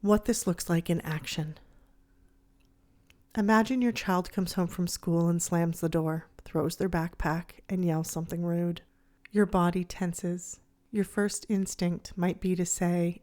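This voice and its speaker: A woman host giving scripted reflective narration, soft, slow and soothing. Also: fairly low pitch, steady tone. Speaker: podcast host.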